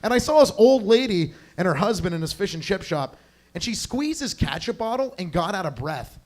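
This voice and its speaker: A man's voice: high voice, very animated, a little fast. A young man doing a crude, rambling stand-up set, chatting with the crowd on a club stage. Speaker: stand-up comedian.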